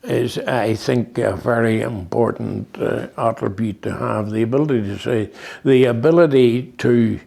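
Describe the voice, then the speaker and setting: A man's voice: medium pitch, unhurried, vocal fry, mellow. A man in his eighties with a Northern Irish accent, telling rambling anecdotes in an interview with many restarts and fillers. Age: 80s. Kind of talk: reminiscing conversation.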